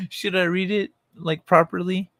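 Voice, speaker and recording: A man's voice: medium pitch, fairly bright tone, dry recording. A man from Central America hosting a livestream, chatting casually and laid-back with viewers, often chuckling and swearing. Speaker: livestream host.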